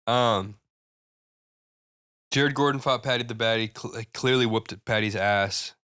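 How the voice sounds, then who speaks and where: A young man co-hosting a podcast in casual chat, excitable, swearing often and laughing a lot. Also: medium pitch, measured pace, clean tone, no echo, studio quality. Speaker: podcast co-host.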